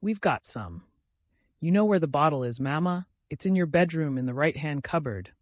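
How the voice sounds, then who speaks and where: Lively, bossy invalid girl for an audiobook, read by a man, dry close sound. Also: no echo, close to an everyday voice. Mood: demanding. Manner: commanding, quick and high-strung. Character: sickly, capricious teenage girl, imperious and excitable. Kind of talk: audiobook character reading.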